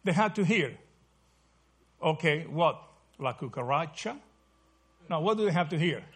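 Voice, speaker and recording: A man with a slightly husky, somewhat high voice leads a Bible study. He asks his group question after question and keeps checking in with "right?" as he walks them through the verses. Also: expressive, measured pace, a bit bright. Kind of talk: interactive Bible study teaching.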